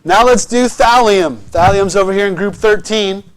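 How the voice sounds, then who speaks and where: Teacher: man, fairly high voice, upbeat and encouraging, frequent comprehension checks. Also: moderate pace, clean tone. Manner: encouraging, checks understanding often. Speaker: chemistry teacher. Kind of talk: classroom lecture. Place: classroom.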